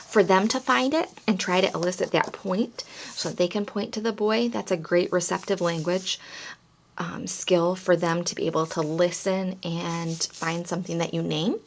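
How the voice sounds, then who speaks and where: A woman giving parents gentle, encouraging tips on reading aloud to toddlers, in an instructional talk. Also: lowish voice, moderate pace, gravelly. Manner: gentle, encouraging, breaks into playful sound demonstrations. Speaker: early childhood reading coach.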